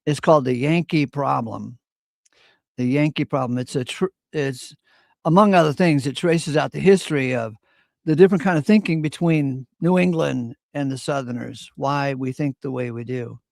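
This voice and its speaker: Gravelly man, opinionated. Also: mid-range voice, moderate pace, a little mellow, no room sound, clean studio sound. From Virginia. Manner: opinionated storyteller, clears throat often. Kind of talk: casual chat.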